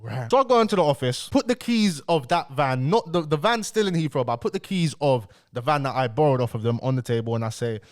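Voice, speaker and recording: Fast-talking young man telling a story. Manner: animated storytelling, slangy, repeats himself, drops low to calm asides. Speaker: YouTuber. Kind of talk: casual storytelling to camera.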